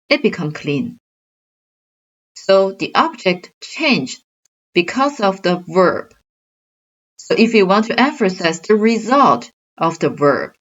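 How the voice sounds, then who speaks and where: A woman teaching a grammar lesson, explaining slowly and carefully with examples. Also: on the low side, dull audio. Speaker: Chinese language teacher.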